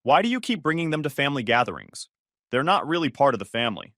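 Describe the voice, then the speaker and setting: A man's voice: on the high side, sing-song, fast, fairly bright tone, no room sound, studio quality. A man reading the lines of a cold, condescending older mother, sounding dismissive and falsely reasonable. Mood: probing.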